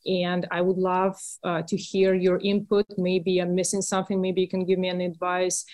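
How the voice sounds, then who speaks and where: A woman's voice: on the low side, monotone, normal speed, a little mellow. A woman with a Russian accent, a small-business owner speaking candidly and a little hesitantly as a podcast guest. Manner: earnest, candid, slightly hesitant. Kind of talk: podcast interview.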